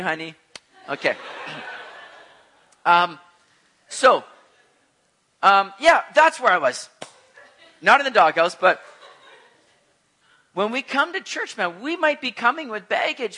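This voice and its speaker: A man preaching a sermon as a pastor, animated, with joking asides. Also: high voice, measured pace, long pauses, a little hiss or hum.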